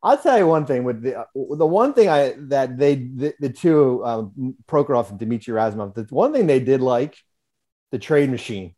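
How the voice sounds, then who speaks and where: Male guest, warm mellow voice, relaxed anecdotes with short affirmations. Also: mid-range voice, moderate pace. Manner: brief affirmations, chuckling recollections. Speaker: former basketball team staffer, guest. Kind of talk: casual sports chat.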